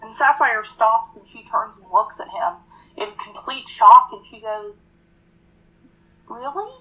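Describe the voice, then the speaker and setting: A woman's voice: a little high, normal speed, pushed and bright, rough recording. A woman playing a tabletop game, narrating her character's actions. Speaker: player.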